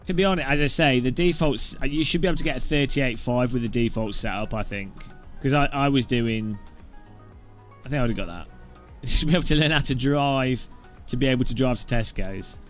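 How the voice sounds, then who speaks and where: A man's voice: medium pitch, a little fast, soft background music. A man from south-east England, chatting casually and jokily with viewers while sim racing at home. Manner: chatty, jokey, rambling. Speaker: streamer and host.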